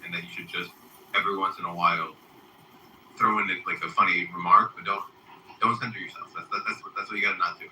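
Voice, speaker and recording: A man's voice: low voice, fairly even intonation, fast, sharp tone, roomy sound, far from the mic, a little hiss or hum, rough recording. A man hosting an online voice chat room, teasing and mocking others in casual banter.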